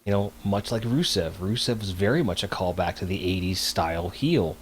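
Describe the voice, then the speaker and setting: A man's voice: low-pitched, moderate pace, a little hiss or hum. A man co-hosting a casual podcast, blunt and opinionated, swearing freely. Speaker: podcast co-host. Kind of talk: casual chat.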